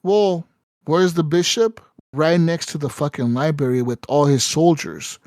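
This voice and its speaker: A man hosting a casual podcast, telling a story animatedly with lots of swearing and "right?" fillers. His voice sits a little higher than average. The recording is dry and close. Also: fairly even intonation, a little slow, darkish tone, no echo. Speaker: podcast host. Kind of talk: casual chat.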